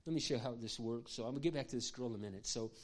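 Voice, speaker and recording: An older male pastor preaches with passion in a mid-pitched voice. He tells stories conversationally and breaks off for asides to the congregation. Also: racing. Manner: impassioned, conversational, with asides to the audience. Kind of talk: sermon storytelling.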